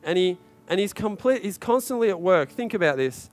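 A man with a high, bright-toned voice preaching a sermon in church, pressing his listeners with repeated calls and rising to shouted climaxes. Soft instrumental music plays faintly underneath. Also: expressive, fairly quick. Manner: urgent, repetitive exhortation with rising shouted climaxes.

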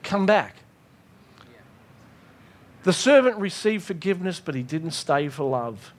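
A man preaching a sermon, acting out his own prayers and God's replies in lively dialogue. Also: fairly high pitch, normal speed. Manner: animated, acts out dialogues with God.

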